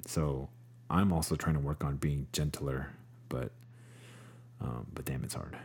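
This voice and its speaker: Man, very low voice, laid-back rambling chat, lots of fillers, podcast co-host. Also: fairly even intonation, unhurried, creaky, darkish tone, slightly rough. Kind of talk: casual chat.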